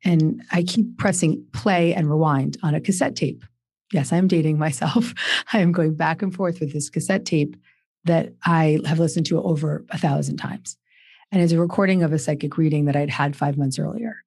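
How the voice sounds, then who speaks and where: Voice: medium pitch, normal speed, gravelly, darkish tone, slightly rough, no echo, studio quality. A guest author in their forties tells a personal recovery story in a podcast interview, earnest and emphatic and often repeating words for stress.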